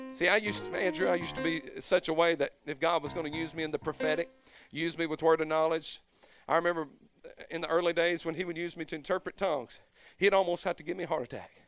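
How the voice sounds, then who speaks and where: A man preaching a fervent Pentecostal sermon as pastor, swelling from low, conversational stretches into shouted whoops. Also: steady tone, fast talker, over music.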